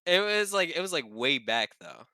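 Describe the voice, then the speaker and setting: A man's voice: on the high side, very animated, normal speed, sharp tone, clear, resonant tone, no echo. A young man from Baltimore, co-hosting a podcast in casual chat, rambling with restarts. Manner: rambling, restarts, laughs often. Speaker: podcast co-host.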